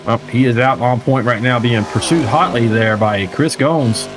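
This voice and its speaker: A man's voice: mid-range voice, normal speed, over music. A man doing live play-by-play commentary of a simulated stock car race, chatty and joking, reading out viewer chat as he goes. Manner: conversational, reads viewer chat aloud, joking asides. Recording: race car engine noise behind. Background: racing car engines.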